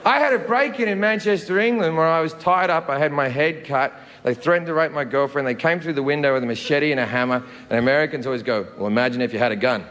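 A man's voice: fairly high pitch, fast, hardly any pauses. An Australian man performing a stand-up comedy set, sardonic and profane, with punchy delivery. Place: large theater stage, played on a reaction video. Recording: echoey hall with loud noise.

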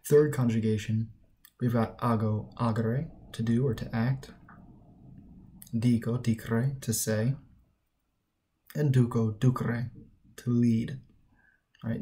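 Mellow-voiced man teaching Latin grammar. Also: medium pitch. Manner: patient, methodical, checks in with "all right?". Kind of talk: recorded grammar lesson.

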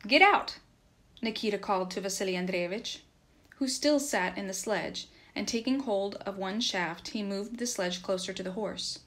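A woman narrating a classic story as an audiobook, in a mid-pitched voice. Her reading is steady and measured. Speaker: reader.

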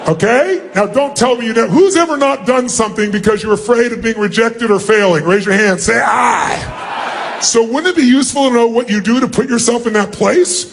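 A man leading a big seminar, loud and commanding, acting out quick little scenes for a large audience in an arena. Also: very high-pitched, gravelly, a faint crowd, a little hiss or hum. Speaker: motivational speaker.

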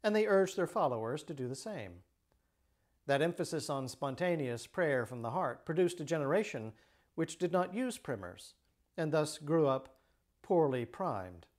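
A middle-aged priest giving a measured, explanatory lecture on Christian teaching. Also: male voice, fairly high pitch, animated.

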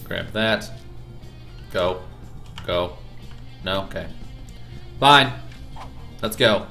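A man hosting a let's play with loud, profane, rowdy outbursts and game audio behind him. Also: sits low, extremely slow, vocal fry. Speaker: gaming channel host. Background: game audio and music.

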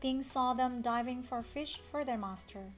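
A woman reading a children's story aloud, expressive with dramatic gasps. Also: fairly high pitch, unhurried, soft background music. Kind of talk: children's read-along story.

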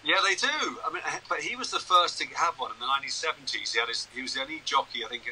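A man's voice: medium pitch, lively intonation, very fast, pushed and bright, a little hiss or hum, low-quality recording. A man in his sixties, a broadcaster and journalist, chatting anecdotally over a video call. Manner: chatty, anecdotal, self-deprecating. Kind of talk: casual interview chat.

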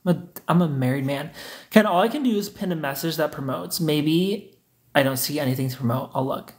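A man's voice: a little high, brisk. Joking man on a livestream. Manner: joking, teasing, reads comments aloud. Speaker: livestream host reading chat. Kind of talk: casual livestream chat.

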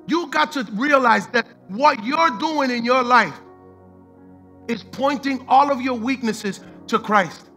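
A man's voice: very high voice, moderate pace, bright, forceful tone, soft background music. A man preaching a sermon as pastor, fervent and repetitive, mixing in street slang and the odd line of Spanish.

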